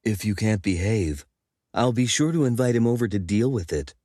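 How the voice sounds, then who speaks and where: A man's voice: lowish voice, animated, moderate pace, dark tone, no echo, clean studio sound. A man voicing a prickly woman witch in an audiobook, pointed and a little threatening. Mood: warning. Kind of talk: audiobook character voice.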